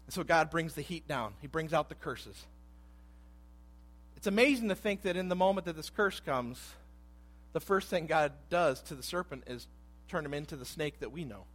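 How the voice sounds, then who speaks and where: A man in his thirties preaching a sermon with a fairly high voice for a man. He talks in a conversational, animated way, slipping into quiet asides and then building back up to loud emphasis. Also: moderate pace. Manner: animated, acts out voices in quotes, swings between hushed asides and loud emphasis. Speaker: pastor.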